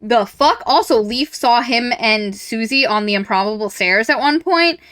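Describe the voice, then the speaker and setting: A woman co-hosting a podcast, chatting casually about a book series, animated, acting out reactions and swearing freely. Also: on the high side, moderate pace, smooth, dry recording. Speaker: podcast co-host.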